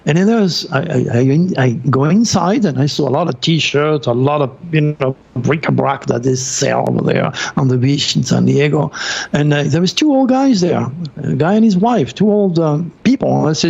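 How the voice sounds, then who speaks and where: An older man spins an animated story, his voice sitting a little high and acting out every bit of dialogue he recalls. The podcast audio comes through dull and lo-fi, with its top end rolled off. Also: moderate pace, vocal fry, breathy edge. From France. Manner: animated, acts out quoted dialogue. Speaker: guest. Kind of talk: storytelling interview.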